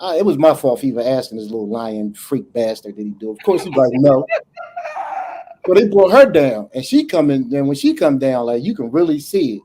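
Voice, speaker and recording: A man co-hosting a casual podcast, telling a story in an animated, profane way and acting out the dialogue. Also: mid-range voice, brisk, a little hiss or hum. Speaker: podcast co-host.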